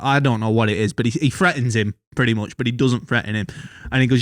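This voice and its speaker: A man of middle pitch talks casually about a series, rambling with many fillers and restarts. The recording is dry and close. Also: fast, hardly any pauses, dry recording. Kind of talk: casual chat.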